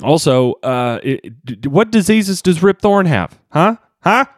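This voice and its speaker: Male comic podcaster, slight Kentucky twang, a bit high-pitched, rambling. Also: unhurried, dry recording, clean studio sound. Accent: slight Southern twang. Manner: animated, jumps pitch for comic emphasis, self-mocking. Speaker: podcast host and stand-up comedian. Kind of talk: rambling solo podcast monologue.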